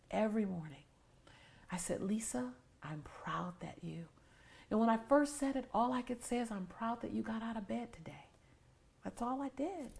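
A woman's voice: medium pitch, dark tone, husky. A woman in her forties, a motivational speaker telling a personal story as an interview guest, earnest and emotional, sometimes dropping to a near-whisper.

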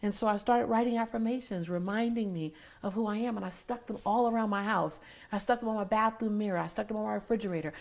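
Here the same kind of speaker, a woman in her forties guesting on an interview as a motivational speaker, talks quickly with few pauses, her medium-pitched voice carrying vocal fry. Her personal story comes across as earnest and emotional, sometimes falling to a near-whisper.

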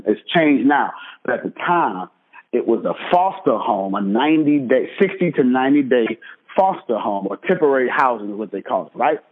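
A man in his thirties with a Texan accent, emphatically telling his own life story and keeping his listeners hooked with repeated asides. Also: medium pitch. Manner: emphatic storyteller, keeps asking "right?" and "check this out". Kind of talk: animated personal testimony. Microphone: phone call. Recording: husky voice over a tinny phone line.

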